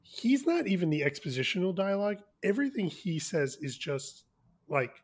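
A man's voice: sits high, sing-song, moderate pace, slightly rough. A man co-hosting a podcast in casual chat about a movie, teasing his partner with dry wisecracks. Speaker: podcast co-host.

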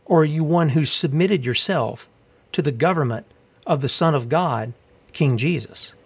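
A male preacher delivers a fiery sermon in a voice pitched a little above the usual. He challenges his listeners with pointed rhetorical questions and reads scripture aloud between his exhortations. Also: normal speed, slightly rough.

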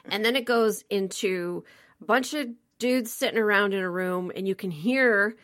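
A woman's voice: mid-range voice, normal speed. Chatty, laughing woman co-host. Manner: animated and laughing, with many fillers. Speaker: podcast co-host reviewing a film. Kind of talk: casual chat.

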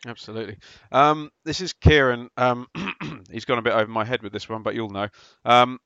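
A man's voice: mid-range voice, normal speed, gravelly, fairly bright tone, no echo. A male podcast host reading out a listener's question with a hesitant delivery. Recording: dry, dull lo-fi sound.

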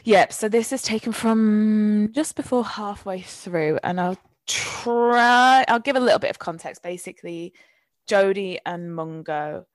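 A woman's voice: medium pitch, measured pace, no room sound. A woman co-hosting a casual book podcast, searching for words with restarts and swearing freely. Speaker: podcast co-host.

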